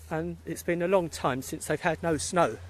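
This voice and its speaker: A man's voice: on the high side, moderate pace, slight background noise. A middle-aged British man, a spiritualist medium, chatting casually and rambling as he greets viewers by name during a phone live stream while walking outdoors through a cemetery. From England. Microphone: phone held while walking.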